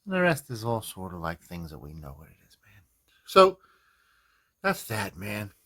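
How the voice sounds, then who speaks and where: A man whose voice is on the low side and a bit bright, with wildly swooping pitch at a normal speed, hosts a guitar repair video. His casual workshop chat is rambling and profane, stuffed with fillers, "man," and "you know what I mean," and he laughs at his own jokes.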